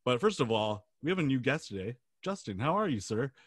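A man's voice: medium pitch, very animated, a little fast, dry recording, studio quality. A man hosting a casual gaming podcast, chatty and rambling, laughing easily. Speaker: podcast host. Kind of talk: casual chat.

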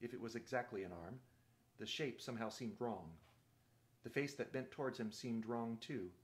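A man reading a novel aloud in a steady, measured narrating voice. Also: mid-range voice. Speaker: reader.

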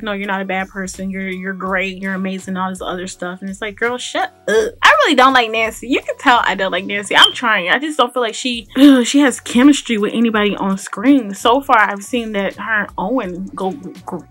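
A chatty woman recaps a TV episode in casual voice-over, opinionated and full of fillers and restarts. Her voice sits at a mid pitch, and soft music plays faintly behind her. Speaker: gaming YouTuber recapping a TV episode.

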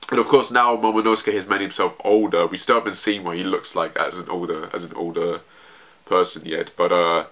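A man's voice: on the low side, a bit bright. A man giving a casual manga chapter review, rambling with lots of fillers and self-corrections.

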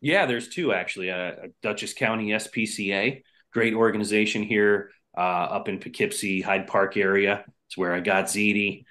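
A man's voice: lowish voice, fairly even intonation, normal speed, few pauses, a bit bright. A man who drums in a band, answering podcast questions in a laid-back, hesitant way with lots of fillers. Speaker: drummer, podcast guest. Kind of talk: casual interview answers. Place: Hudson Valley, New York area home.

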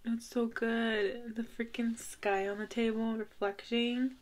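A woman of twenty-five giving casual reaction commentary from her bedroom at night, gushing and giggling, often sinking to a hushed whisper. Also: on the high side, flat delivery, takes it slowly, music in the background. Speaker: video creator reacting to a music video.

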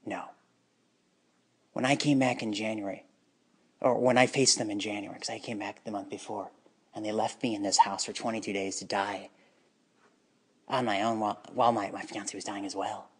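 A man telling his own life story in an unscripted personal monologue, bitter and emotionally charged, halting at times. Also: fairly low pitch, steady tone, a little hiss or hum.

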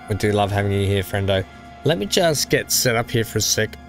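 A gaming streamer chats casually on a live game stream, greeting viewers by name and poking fun at himself. His voice sits on the low side, animated and brisk, over soft background music, and he's coughing as if something is in his throat.

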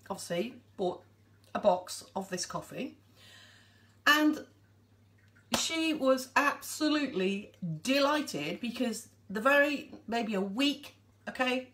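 Woman, casual live-stream chat, lively swooping voice, fairly high. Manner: chatty, animated, addresses viewers directly.

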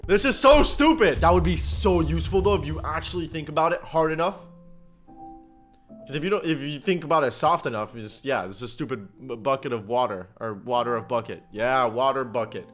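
A young man giving excitable, slang-heavy reaction commentary on game clips, laughing often. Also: medium pitch, brisk, soft background music.

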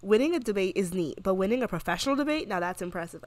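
A young woman casually commentating a life-simulation game, chatty and excitable. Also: medium pitch, fairly quick. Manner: chatty, excitable, with frequent gasps and laughs. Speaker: gaming video creator. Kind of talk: casual let's-play commentary.

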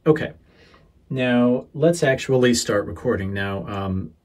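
A male teacher talking through a how-to lesson into a close microphone, unhurried and easygoing, with a few fillers. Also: medium pitch, darkish tone. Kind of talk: instructional voice-over. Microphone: close sensitive studio mic.

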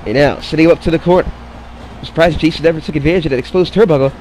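A man giving casual play-by-play commentary on a wrestling video game match, excitable and swearing, drifting into rambling asides. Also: on the high side, very fast, a little hiss or hum, poor audio.

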